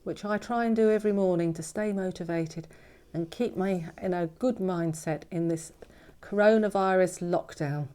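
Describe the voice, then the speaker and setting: A woman with a low, warm voice sends a cheerful, casual video message from home. She chats while doing her exercises. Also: normal speed.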